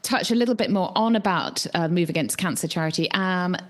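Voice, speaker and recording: Woman host, lowish voice, chatty and excitable, lots of ums. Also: brisk. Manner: enthusiastic, chatty with many fillers. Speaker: podcast host. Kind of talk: casual chat.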